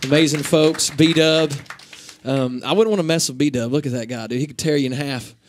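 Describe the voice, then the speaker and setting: A man's voice: a little high, normal speed. A young man from Northeast Georgia with a Southern accent, a country singer chatting and joking casually between songs in a radio station lounge. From Northeast Georgia, USA. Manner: joking, rambling, easygoing. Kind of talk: casual on-stage banter.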